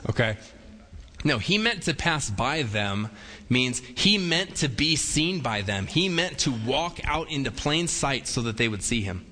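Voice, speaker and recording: A man's voice: medium pitch, animated, a little slow, bright, forceful tone. A man preaching a conversational sermon as pastor, acting out little quoted voices with humor. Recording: long hall reverb.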